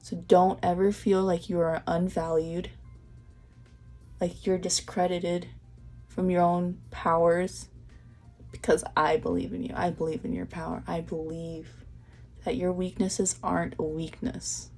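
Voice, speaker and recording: A young woman reads tarot for her viewers in an earnest, encouraging voice that keeps circling back on itself. Her tone is low, mellow and a little husky. Soft music plays faintly behind her. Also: little pitch movement, a little slow. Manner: earnest, encouraging, repeats herself with restarts. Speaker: tarot reader. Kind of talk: pick-a-card tarot reading.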